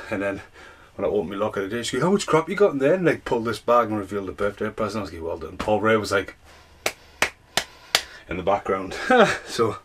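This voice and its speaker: Sweary man ranting. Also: fairly low pitch. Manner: sweary, rambling storyteller. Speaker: vlogger. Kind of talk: casual ranting vlog. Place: at home indoors. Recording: roomy echo.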